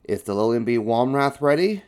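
A man doing a brisk race referee. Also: mid-range voice, animated, natural voice. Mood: announcing. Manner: loud announcing calls. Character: adult male race referee, brisk and official.

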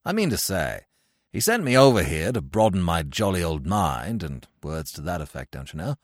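A man's voice: sits low, very animated, normal speed, no echo, clean studio sound, pitched below the performer's own voice. A man voicing a foolish, cheerful young English toff with a plummy upper-class drawl. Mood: chummy.

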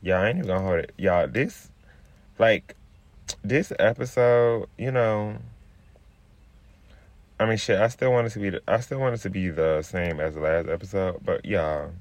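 There are long pauses as this twenty-something podcast host, speaking at normal speed on a dry recording, delivers a brash, profane, offhand rant. Rolling a blunt, he sinks into a low, easygoing murmur.

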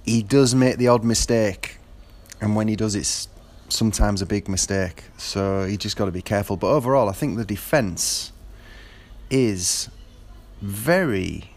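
Rambling man, lowish voice. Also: measured pace, darkish tone. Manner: rambling, with frequent fillers and restarts. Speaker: football fan. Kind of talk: casual monologue.

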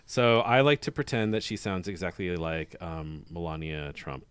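A man's voice: low-pitched, lively intonation, normal speed, fairly bright tone, clean tone, dry recording. A man co-hosting a podcast in casual chat, laid-back and chuckling, trailing off into fillers. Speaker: podcast co-host.

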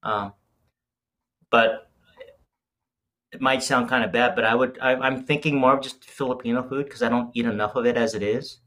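A man in casual conversation, chiming in easily and thinking aloud in a relaxed way. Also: mid-range voice, moderate pace, pauses often. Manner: relaxed, thoughtful, chimes in. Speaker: guest. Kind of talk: casual chat.

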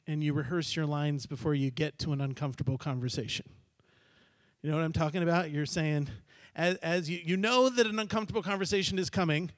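A middle-aged male pastor tells a story from the pulpit in a fairly high voice. He acts out each character as he goes, and the sound is dry and close. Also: fairly bright tone, no echo. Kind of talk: sermon storytelling.

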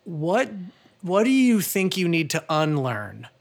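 A man co-hosting a podcast, talking in a casual, animated and self-deprecating way. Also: a little high, takes it slowly, creaky. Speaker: podcast co-host. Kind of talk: casual chat.

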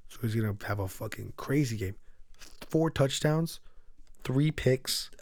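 A man co-hosting a casual sports podcast, talking in an excitable, jokey way with plenty of swearing. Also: medium pitch, unhurried, vocal fry. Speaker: podcast co-host.

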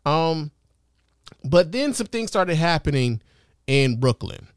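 A man's voice: on the high side, very animated, takes it slowly, no echo, clean studio sound. A man hosting a podcast, talking through sports commentary in a loose, profane, conversational way with lots of fillers. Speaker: podcast host. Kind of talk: casual commentary monologue.

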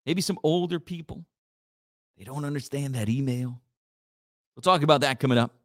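A man's voice: medium pitch, moderate pace, dry recording, studio quality. A man hosting a casual talk radio show, joking and reading listener messages.

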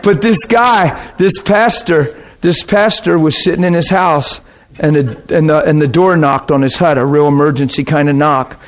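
A man preaching with a folksy, lively delivery. His voice sits a little higher than most men's. He drops into the voices of the people in his story as he tells it. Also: moderate pace. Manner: animated, folksy, shifts into quoted voices. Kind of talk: sermon storytelling.

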